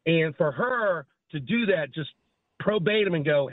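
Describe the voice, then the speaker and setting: Middle-aged male caller, slightly higher voice, insistent, dry tinny phone-line sound. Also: expressive, normal speed, no room sound. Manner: emphatic, insistent, keeps saying "you know what I mean". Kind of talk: phoned-in opinion.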